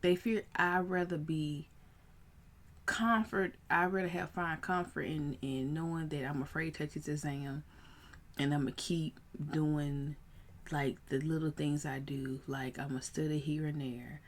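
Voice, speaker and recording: A woman in her thirties, a coach, telling a personal story in a casual vlog, animated and prone to rising in excited bursts. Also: sits low, a little slow. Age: 30s.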